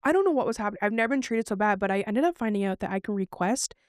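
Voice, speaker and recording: A woman's voice: medium pitch, rapid-fire, no echo, studio quality. A woman co-hosting a podcast, telling a personal story in casual chat and acting out what others said to her. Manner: animated, acts out what others said. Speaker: podcast co-host.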